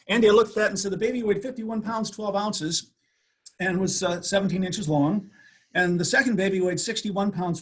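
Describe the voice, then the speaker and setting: A man in his sixties, a radio host, telling lively stories from his career in an interview. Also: high-pitched, slightly rough. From USA. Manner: animated anecdote teller. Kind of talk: storytelling interview.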